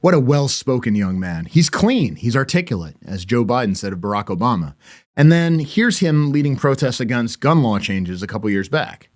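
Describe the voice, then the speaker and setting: A man's voice: medium pitch, very animated, moderate pace. A middle-aged man hosting a podcast, delivering opinionated commentary with sarcastic, mocking asides. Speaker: podcast host.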